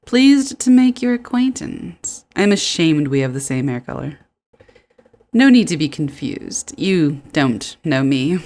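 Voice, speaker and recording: A woman voicing a smug, scheming corporate woman in a game, speaking slowly and with a sneer. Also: low voice, big pitch swings, a little mellow, heavily acted. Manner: sneering, slow and drawn out.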